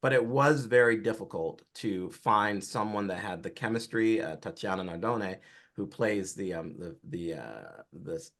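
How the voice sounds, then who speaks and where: A film director from Georgia, a man, giving relaxed, explanatory interview answers about his career and work. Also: on the low side, normal speed. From Atlanta, Georgia, US.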